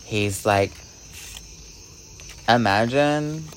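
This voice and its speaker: A man vlogging, telling a rambling story with "like" in almost every phrase and swinging between hushed and excited delivery. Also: medium pitch, extremely slow, background noise. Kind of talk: casual storytelling vlog.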